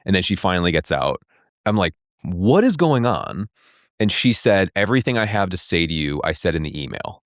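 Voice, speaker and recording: A man's voice: low-pitched, expressive, quick pace, a bit bright, dry recording, clean studio sound. A man in his thirties telling a personal story in an interview, acting out the dialogue and filling his speech with "like". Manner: retelling with quoted dialogue, many "like" fillers. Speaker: interview guest.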